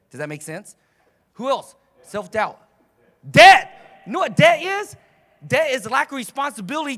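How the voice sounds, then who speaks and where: Male seminar coach, high and hugely animated voice, yells and cusses to wake people up. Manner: fiery, shouting and cursing to rouse the audience. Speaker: coach and trainer. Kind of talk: motivational seminar talk. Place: live seminar in front of an audience.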